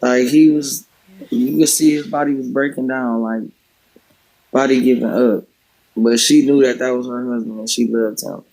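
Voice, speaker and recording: Brief: male host, casual rambling storyteller, filler-heavy, mid-pitched voice. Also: steady tone, normal speed, gravelly, a little mellow, poor audio. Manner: loose, rambling telling with many "like" fillers. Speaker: livestream host; former home health care worker.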